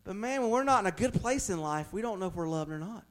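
A man's voice: high voice, lively intonation, quick pace. A man, a pastor preaching a conversational sermon that builds to emphatic, raised passages.

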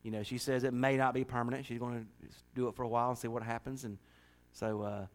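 A man's voice: mid-range voice, little pitch movement, fast talker. A man preaching and making church announcements in a folksy, joking, chatty way. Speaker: pastor.

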